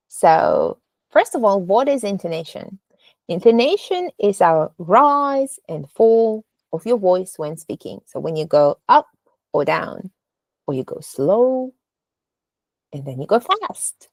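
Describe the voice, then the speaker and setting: A woman's voice: lowish voice, dry recording. A woman leading a speech workshop, explaining intonation and acting out example sentences with exaggerated rises. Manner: halting, with many fillers and restarts. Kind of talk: spoken lesson on intonation.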